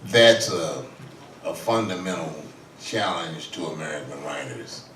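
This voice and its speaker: Man, guest author at a public talk, slow storyteller, distant, echoey hall. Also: low-pitched, noisy background. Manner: leisurely, animated storyteller who acts out the quotes. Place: event hall. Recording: roomy hall audio from a distance.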